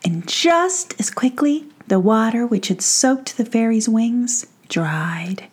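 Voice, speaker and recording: A woman softly whispering a bedtime fairy story at home in a hushed, slow manner. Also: a little high, animated, husky. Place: home with a pet nearby.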